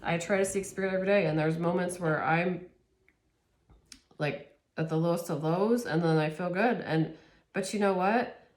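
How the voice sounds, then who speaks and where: A woman's voice: fairly low pitch, moderate pace, pauses often. Emotional woman giving a tarot reading. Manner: earnest, emotional, laughs often; rambling with restarts. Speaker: tarot reader. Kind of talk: spiritual tarot reading to camera.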